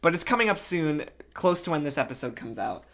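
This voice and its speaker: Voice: medium pitch, a little fast, creaky. Host empolgado e falante. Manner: gushing, excitable, frequent restarts and laughter. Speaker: podcast co-host. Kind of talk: casual chat reviewing fan fiction.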